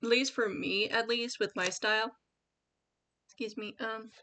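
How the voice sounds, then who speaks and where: In a casual screen-share tutorial on her own channel, a woman gives writing tips in a slightly high, steady voice that sounds pushed and bright, at a measured pace. Her talk wanders, full of fillers and restarts, and she reads out her own sample paragraph.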